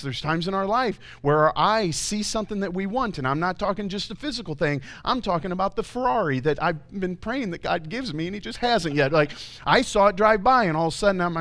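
A man preaching a conversational sermon in a church, telling stories and talking back and forth with the congregation. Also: sits high. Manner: conversational, animated storytelling with audience asides. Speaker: pastor.

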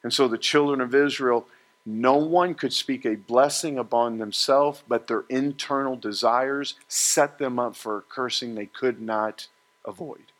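A man preaching a sermon to a live congregation, telling a story in an animated, joking way and jumping between quoted voices. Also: medium pitch, a little slow.

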